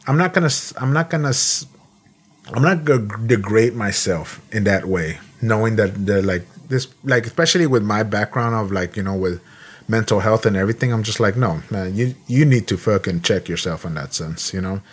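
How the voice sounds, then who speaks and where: A man's voice: fairly low pitch, moderate pace, breathy edge. A man from Los Angeles, a Marine veteran, co-hosting a casual podcast chat in a blunt, heated way, swearing often and restarting his sentences. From Los Angeles, USA.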